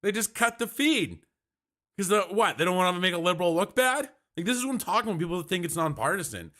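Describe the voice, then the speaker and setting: Brief: Canadian male streamer, bright forceful voice, excitable reaction commentary. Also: high voice. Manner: animated, exasperated, talks fast in bursts. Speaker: live stream host reacting to parliament.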